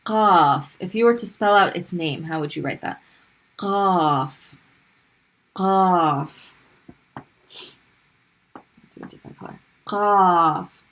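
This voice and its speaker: A woman's voice: fairly low pitch, slow pace, a bit bright. A woman teaching a recorded Arabic lesson, patiently repeating sounds for learners to practice.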